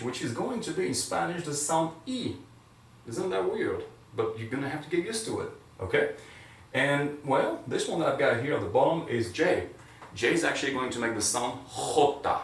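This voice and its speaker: A man teaching a language lesson to his class, encouraging his students and leading them through repeat-after-me drills. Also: mid-range voice. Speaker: Spanish teacher. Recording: echoey room, mic far off, faint ambience.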